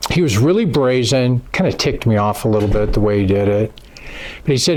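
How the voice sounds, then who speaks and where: A man giving a seminar lecture who tells stories and acts out quotes in an animated, emphatic way. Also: mid-range voice, brisk. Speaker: seminar speaker. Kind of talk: lecture with storytelling. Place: seminar room.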